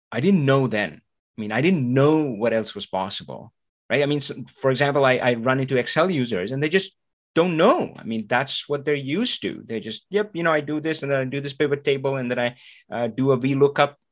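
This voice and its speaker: A man's voice: medium pitch, a bit bright. A man hosting a podcast, talking in a motivational monologue, acting out little voices and asking rhetorical questions. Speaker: podcast host.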